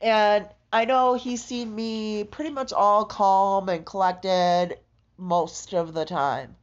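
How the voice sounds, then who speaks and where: A woman in a raw confessional monologue, distraught and halting, swearing heavily and breaking into shaky laughter. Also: mid-range voice, fairly even intonation. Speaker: vlogger. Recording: dull lo-fi audio.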